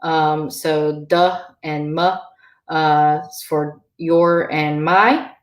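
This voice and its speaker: Slow, patient woman teaching a language. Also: low-pitched, steady tone, echoey room, muffled recording. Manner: patient, filler-heavy explaining with many ums. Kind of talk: online language lesson.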